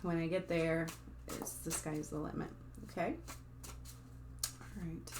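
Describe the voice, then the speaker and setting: Background noise accompanies a woman's low, fairly monotone voice as she talks a little slowly to her viewers. A spiritual healer, she speaks casually to camera, rambling with frequent fillers and asides.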